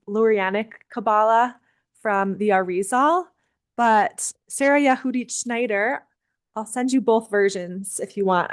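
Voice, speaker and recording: Gentle woman closing a video-call gathering. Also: a little high. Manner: gentle, unhurried, with frequent fillers and restarts. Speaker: seder leader and teacher. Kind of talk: casual talk closing a virtual gathering.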